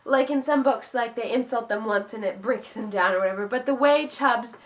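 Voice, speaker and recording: Young woman, book review vlog, high-pitched, emotional, rambling, filler-heavy. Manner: gushing, emotional, fast with many "like"s.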